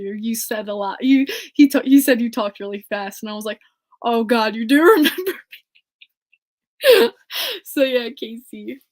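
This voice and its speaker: A woman hosting her own podcast in casual, excited chat, gushing and laughing often. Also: mid-range voice. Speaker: podcast host.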